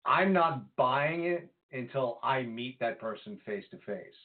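A man's voice: mid-range voice, measured pace. Guy cohosting a podcast, rambly and worked up, lots of likes and you knows, sounds like a phone line. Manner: animated, rambling with many fillers and restarts. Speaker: podcast co-host. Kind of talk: casual political chat.

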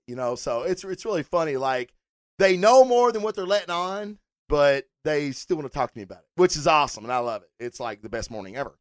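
A man's voice: a little high, fast talker, no echo, clean studio sound. A man hosting a comic review podcast, rambling casually and swearing often as he talks about books. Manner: rambling, swears a lot, animated. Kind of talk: casual solo review rant.

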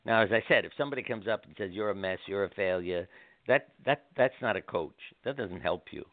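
An older man speaks as a doctor and guest, with a low voice. His stories unfold gently and he slips into the voices of the people he quotes. The sound is a dry, tinny phone line. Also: expressive, a little fast, no room sound. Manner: gentle, anecdotal, acts out quotes. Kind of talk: storytelling interview.

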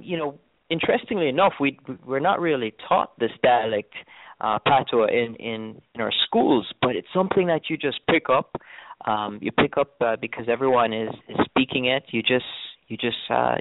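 Over a dry, tinny phone line with no echo, a medium-pitched man answers interview questions as a tourism board guest. He has a lightly toned-down Jamaican accent and an easygoing style full of fillers and restarts.

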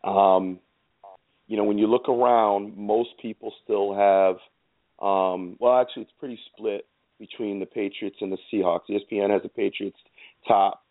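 A man's voice: lowish voice, steady tone, moderate pace. A man hosting a sports show, ranting in a heated, repetitive and emphatic way. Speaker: show host. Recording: tinny phone-like sound.

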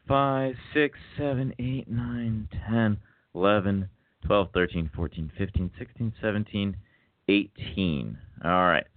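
A man's voice: medium pitch, dry recording. A man co-hosting a comedy podcast, joking and rambling in casual chat. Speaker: podcast co-host. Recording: tinny phone-like dry sound.

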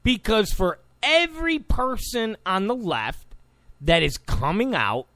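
A man delivers opinionated talk commentary in a fairly high voice that swoops up and down with lots of expression. He sounds combative and sarcastic. The sound is dry and close, with no room around it. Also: sing-song, slow, pushed and bright, no room sound. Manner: combative, mocks opponents in quoted voices. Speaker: political commentator.

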